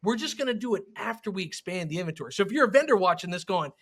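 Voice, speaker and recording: A man hosting a panel discussion as a sales trainer, talking in a blunt, emphatic, animated way. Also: sits high, very fast. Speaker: sales trainer and show host.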